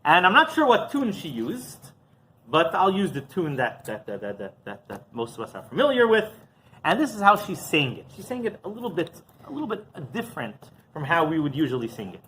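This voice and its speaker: Man, rabbi, informal Torah talk, storytelling, faint background hiss, fairly high voice. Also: sing-song, a little fast, a bit bright. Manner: conversational storytelling, frequent "right?" and "you know"; acts out quoted voices with big pitch jumps.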